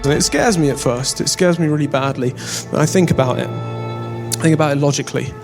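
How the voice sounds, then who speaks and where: On stage in front of a live crowd, a young comedian from England tells a story with wry self-mockery. He speaks briskly in a fairly high voice, with music playing in the background.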